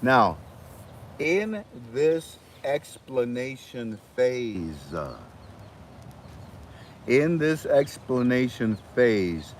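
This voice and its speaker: A man's voice: mid-range voice, sing-song, drawn-out words, pauses often, slight background noise. Rambling man talking outdoors. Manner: rambling, restarts, chats to chickens. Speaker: channel host. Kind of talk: casual monologue to viewers. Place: outdoors with chickens.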